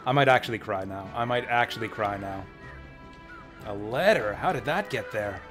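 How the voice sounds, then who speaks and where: A man's voice: fairly low pitch, animated, normal speed, fairly bright tone. Chatty man streaming a retro game. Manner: chatty, reads game text aloud with asides. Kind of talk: casual let's-play commentary. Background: faint game music.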